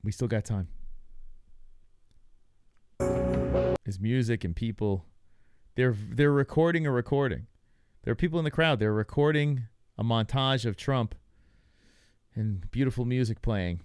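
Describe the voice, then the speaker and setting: A man's voice: medium pitch, unhurried, long pauses, a little mellow. A young man hosting a live stream, reacting to results in loose, joking chatter and talking to his chat. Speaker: livestream host. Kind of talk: casual live reaction commentary.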